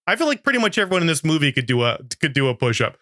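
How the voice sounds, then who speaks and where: A man's voice: fairly high pitch, big pitch swings, very fast, pushed and bright, no room sound, studio quality. A man co-hosting a podcast, chatting casually and joking with frequent laughs. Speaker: podcast co-host. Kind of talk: casual comedic chat.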